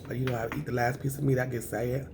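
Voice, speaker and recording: Gravelly-voiced woman. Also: a bass voice, flat delivery, quick pace, background noise. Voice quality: raspy at times. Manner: emotional, thankful, says y'all often. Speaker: mukbang vlogger. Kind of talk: casual eating-show chat to camera.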